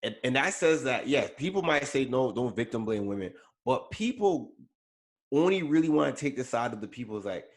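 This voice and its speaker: A man co-hosting a podcast, in casual, unscripted chat. He rambles through his thoughts, restarting sentences and leaning on fillers, at a middling pitch. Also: expressive, a little fast. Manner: rambling, self-correcting, frequent fillers. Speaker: podcast co-host. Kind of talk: casual pop culture chat.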